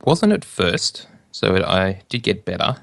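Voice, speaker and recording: A man guesting on a podcast interview, talking in a measured, precise way about running his own show. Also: sits low, very animated, creaky, a bit bright, no room sound. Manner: measured, precise, self-described control freak. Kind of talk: casual interview.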